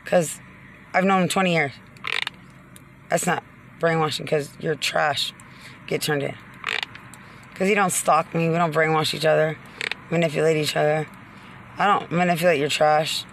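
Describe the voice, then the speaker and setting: A woman's voice: deep voice, vocal fry, fairly bright tone, a little hiss or hum. A woman in a rambling, agitated rant, accusing and cursing at the people she blames. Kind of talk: angry rambling rant to camera.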